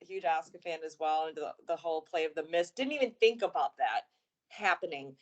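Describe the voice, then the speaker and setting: A woman's voice: low-pitched, lively intonation, fairly quick, rough recording. A woman co-hosting a casual wrestling podcast, agreeing and chiming in with enthusiasm. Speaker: podcast co-host. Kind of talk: casual wrestling recap chat.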